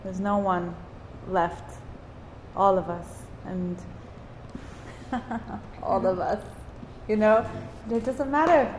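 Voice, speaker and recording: A woman slowly and earnestly encouraging a women's group with a faith talk. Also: medium pitch, echoey room, long reverb tail, a little hiss or hum, rough recording.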